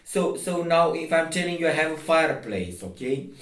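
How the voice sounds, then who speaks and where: A man's voice: on the high side, expressive, normal speed, a bit bright. Insistent man talking from across a roomy space. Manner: repetitive, restarts often, insistent. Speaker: video host. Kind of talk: casual explaining to camera. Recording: roomy echo, distant from mic.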